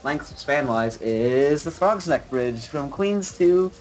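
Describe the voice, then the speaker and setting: A man's voice: a little high, animated, takes it slowly, darkish tone, rough recording. A young man hosting a game stream in casual chat, rambling and profane, full of fillers. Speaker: streamer host.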